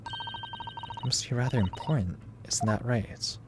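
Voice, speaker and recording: A man voicing a formal, polite young Japanese woman assistant who speaks briskly. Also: mid-range voice, wildly swooping pitch, noisy background.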